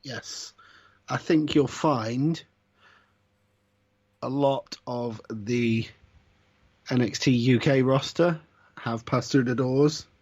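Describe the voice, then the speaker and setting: A man co-hosting a casual chat, measured and dryly teasing. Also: medium pitch, darkish tone, slightly rough, dull audio. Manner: measured, dry teasing, chuckles. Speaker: podcast co-host.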